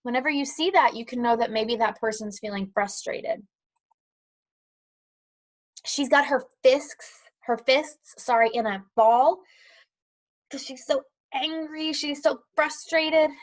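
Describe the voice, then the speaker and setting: A woman's voice: high-pitched, slow pace, long pauses. A woman teaching an online lesson to young children from home, encouraging and patient. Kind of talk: online class lesson and read-aloud. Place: at home, dog nearby.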